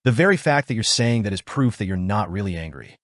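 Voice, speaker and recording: A man's voice: on the low side, animated, fairly quick, dry recording, studio quality. A man voicing a cold, shrewd noblewoman in a recap reading, keeping a cool, probing, matter-of-fact tone without much change from his own voice.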